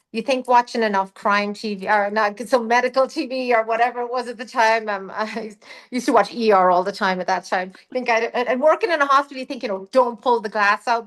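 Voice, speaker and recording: A middle-aged Irish woman, a guest on a talk show, telling a personal story in a lively, animated way. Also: on the high side. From Ireland. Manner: animated, vivid storyteller, acts out her own past words. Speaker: guest, psychic medium. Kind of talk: casual storytelling.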